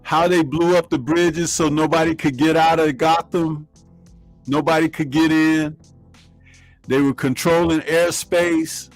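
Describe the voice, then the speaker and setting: A man with a fairly high voice talks in an unhurried, drawn-out way, recounting movie scenes with relish. Faint music plays under the chat. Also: dry recording. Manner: animated retelling with laughs. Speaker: podcast co-host. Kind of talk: casual film chat.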